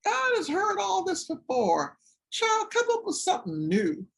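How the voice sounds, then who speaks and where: A speaker voicing an elderly church grandmother who talks with deep sighs and dry bluntness. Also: huge pitch swings, measured pace, gravelly, a bit bright, heavily acted. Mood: exasperated. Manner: deep-sighing, dry and matter-of-fact.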